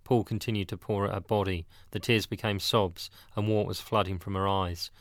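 A man narrating a dramatic story in a steady, plain storytelling manner. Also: lowish voice, a little fast, no room sound, studio quality. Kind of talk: scripted narration.

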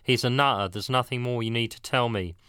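A man's voice: medium pitch, a little fast, pushed and bright, clean tone, no echo, clean studio sound, natural voice. A man voicing a jealous, possessive young man in a read-aloud story, swinging between pleading and fury.

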